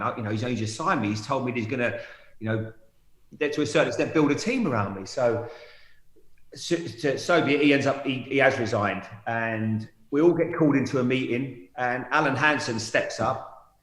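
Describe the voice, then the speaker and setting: A man's voice: medium pitch, a little fast, echoey room, low-quality recording. A man who used to play football, telling a story from his playing days in casual chat. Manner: lively storyteller, quotes remembered voices. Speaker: guest, former footballer.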